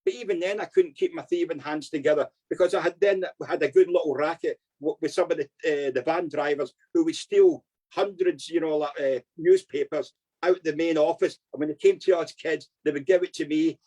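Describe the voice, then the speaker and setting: An older Scottish man tells long, rambling stories as an interview guest. His voice sits fairly high for a man, and he keeps checking in with his listener as he goes. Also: brisk, warm tone, poor audio. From Scotland. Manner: rambling anecdotes, frequent "you know what I mean". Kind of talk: storytelling interview.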